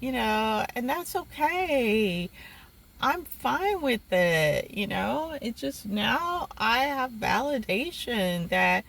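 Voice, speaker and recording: A young woman telling a personal story in a casual vlog, animated and exasperated, with sudden jumps in pitch. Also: takes it slowly, gravelly, poor audio. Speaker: vlogger.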